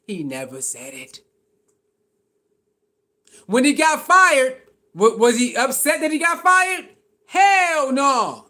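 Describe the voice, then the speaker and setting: A man's voice: very high voice, sing-song, unhurried, sharp tone. A man giving heated, slangy reaction commentary on football, repeating his points as he rants. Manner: heated, slangy ranting with repetition. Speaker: sports commentator.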